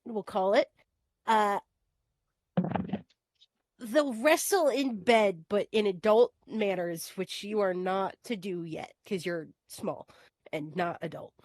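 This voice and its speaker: Playful woman player; unhurried delivery, dry close mic. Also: medium pitch, a little mellow, dry recording. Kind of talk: tabletop role-play.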